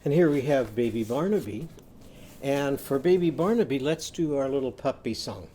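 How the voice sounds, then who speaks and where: A man teaching a phonics lesson to young children, chanting slowly and gently prompting them to join in. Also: medium pitch, expressive, a little hiss or hum. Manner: slow call-and-response chanting.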